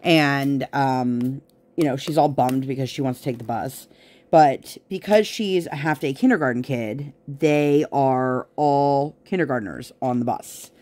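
A woman's voice: rumbling low, unhurried, a little mellow. A woman vlogger chatting casually while she works on a craft project at home, rambling through tangents with plenty of fillers.

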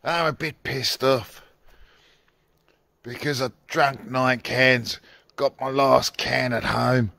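Slow, gravelly drunk man. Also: mid-range voice, fairly even intonation, sharp tone, no echo. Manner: slurred, rambling, swearing, self-mocking. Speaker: vlogger. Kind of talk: rambling vlog during a drinking challenge.

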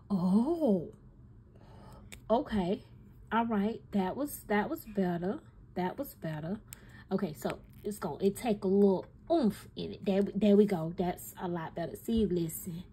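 A woman filming a casual stationery haul at her desk at home, talking straight to her viewers with animated exclamations. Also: mid-range voice, unhurried, breathy edge. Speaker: stationery vlogger. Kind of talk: casual chatty haul video.

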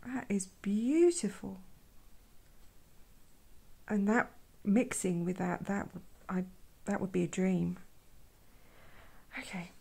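Soft-spoken lady with a slow gravelly fry, whispery and gushing. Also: on the low side, fairly even intonation. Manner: gushing, effusive, trails off into whispers. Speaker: art vlogger. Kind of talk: soft-spoken swatching commentary.

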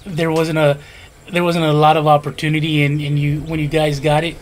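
A middle-aged man reflects on family in a casual conversation. He speaks bluntly and swears now and then, his voice pitched a little high for a man. Faint noise sits under the talk. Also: level tone, normal speed. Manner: reflective, blunt, with some cursing. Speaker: brother sharing memories.

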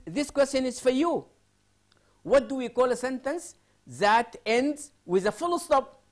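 A male lecturer from Sudan teaches at an unhurried pace. His pitch swings widely as he poses questions, answers them himself and repeats the key phrases for emphasis. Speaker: university lecturer. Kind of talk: recorded classroom lecture.

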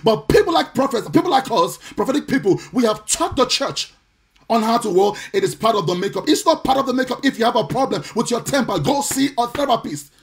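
A man with a very high voice preaches on a live stream. He is forceful and indignant, hammering his points again and again, and now and then he lapses into a sing-song cadence. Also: animated, brisk. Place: home or church, streaming live.

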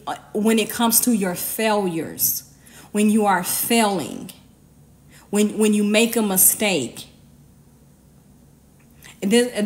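A woman giving an informal, emphatic sermon, talking conversationally with slang and repeated commands. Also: medium pitch. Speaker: preacher.

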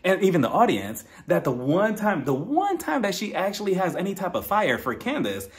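A man with a fairly high voice that swings all over the place, giving an opinionated reality TV recap. He talks straight to his viewers and is blunt in his takes. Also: big pitch swings, normal speed. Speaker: reality TV reviewer. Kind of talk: casual recap commentary.

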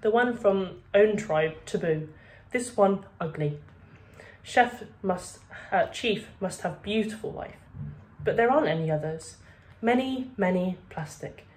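Lady voicing a stern tiny chief, clipped scornful phrases, quiet low tone, storybook. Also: animated, unhurried, close to an everyday voice. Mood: disappointed. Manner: terse broken phrases, scornful.

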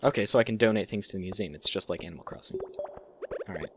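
Young male let's-play host, deeper voice, jokey, swears freely, easily excited. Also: fast, noisy background. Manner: excitable, profane, jokey, with sudden squeaky outbursts. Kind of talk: gameplay commentary.

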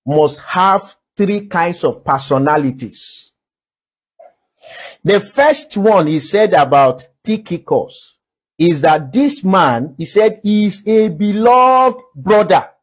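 A man with a Nigerian accent delivers a sermon in a somewhat high, husky voice. His preaching is emphatic, racing through some phrases and drawing others out slowly and deliberately. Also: lively intonation. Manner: emphatic preaching, shifts between quick and slow deliberate delivery. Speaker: pastor.

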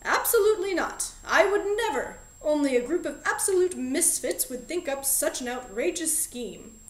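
A woman plays a genial, eccentric middle-aged magic shop owner and father in an audiobook, fussy and politely formal, with a lilting voice pitched fairly high. The reading rings in a roomy, echoey space. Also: lively intonation, normal speed, natural voice. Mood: mock-indignant.

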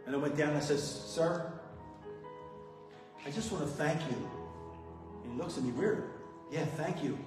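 A man's voice: on the high side, moderate pace, long pauses, recorded from a distance. A man giving a testimony speech as a guest speaker at a recovery meeting, plain-spoken and earnest as he tells his story. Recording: echoey hall from afar with music.

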